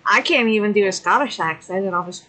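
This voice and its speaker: Woman, casual gaming chat, giggly, bright sharp tone. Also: medium pitch, fast talker, poor audio. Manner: giggly, laughs often. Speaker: streamer and tabletop player.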